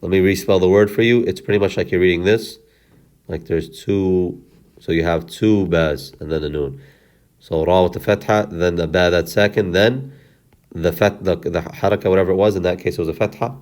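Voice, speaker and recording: A man teaching reading step by step, sounding out words syllable by syllable and repeating them slowly, with apologetic self-corrections. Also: sits low, darkish tone.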